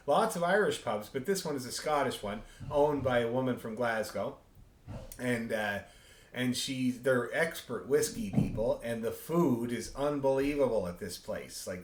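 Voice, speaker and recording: A man's voice: medium pitch, reverberant. A man teaching a beginner fiddle class over a video call, chatty and rambling with chuckling asides. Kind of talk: online group music lesson.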